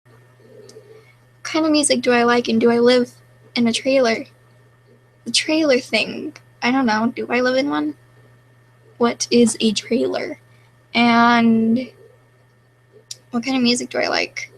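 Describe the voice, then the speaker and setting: Young woman with a gravelly, fry-laced voice. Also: a little high, steady tone, unhurried, long pauses, poor audio. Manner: reads viewer questions aloud and answers offhandedly. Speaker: live streamer. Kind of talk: casual live-stream chat.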